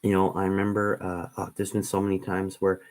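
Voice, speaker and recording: Male streamer, slightly low voice, casual and rambling, lots of restarts. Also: monotone, brisk. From Canada. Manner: casual, meandering, with many ums and restarts. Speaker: livestream host. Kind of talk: rambling livestream storytelling.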